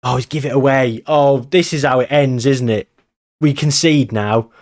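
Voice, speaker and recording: A man giving excitable, nervous live commentary on a game he is playing. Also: medium pitch, normal speed. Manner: excitable, nervous, reacting loudly to match moments. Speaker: gaming channel host.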